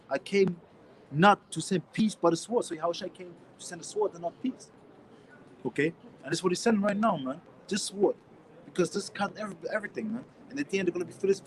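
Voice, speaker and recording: A man with a German accent teaching scripture in a casual, slangy way, restarting often and reading verses out louder. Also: high-pitched, a little hiss or hum, rough recording. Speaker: street preacher.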